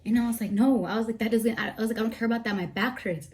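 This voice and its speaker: A woman's voice: a little high, racing, a little mellow, a little hiss or hum. A young woman vlogger telling an emotional story, tearful and rambling as she recounts it. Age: young adult. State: teary. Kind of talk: storytime vlog.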